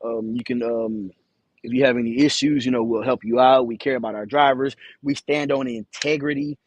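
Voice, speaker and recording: A man's voice: mid-range voice, steady tone, moderate pace, slightly rough, dry recording. Profane, rambling trucker man. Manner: rambling, profane, repeats himself, stutters. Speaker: truck driver vlogger. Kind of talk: casual storytelling to camera. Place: in his truck.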